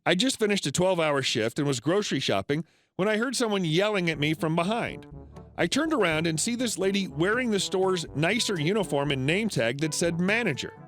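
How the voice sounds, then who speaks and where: A man narrating online stories in a steady, scripted storytelling read. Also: high voice, fairly quick. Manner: steady storytelling read with lively swings into quoted characters. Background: faint background music.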